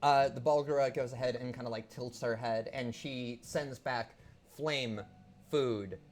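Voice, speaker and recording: A man's voice: mid-range voice, flat delivery, normal speed, a little mellow. A man narrating as game master of a tabletop game, rambling with many fillers.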